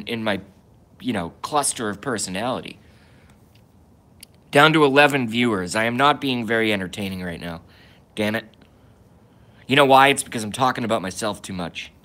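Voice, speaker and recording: A young man holds forth alone on a livestream in a rambling rant. His voice is bright and slightly sharp at an ordinary middle pitch. He stops and restarts his sentences constantly and breaks off to read viewer comments aloud. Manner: rambling, stop-start with many restarts and asides; reads viewer comments aloud and answers them. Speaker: livestream host.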